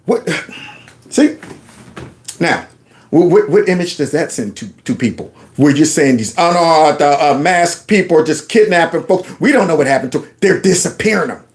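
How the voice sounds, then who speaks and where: High-pitched emphatic male commentator. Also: animated, moderate pace. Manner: emphatic, rhetorical questions, colloquial. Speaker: commentary channel host. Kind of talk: opinionated commentary over clips.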